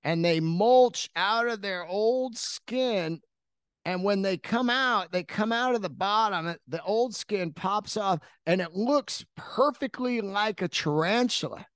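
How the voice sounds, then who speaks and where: A man's voice: sits high, slow pace, a bit bright, smooth, no room sound, clean studio sound. A middle-aged man hosting a podcast, telling stories in a rambling, profane, casual monologue. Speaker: podcast host.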